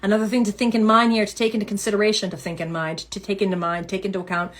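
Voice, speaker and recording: A woman giving a casual tarot reading, animated and emphatic, repeating phrases for effect. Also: mid-range voice, racing. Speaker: tarot reader.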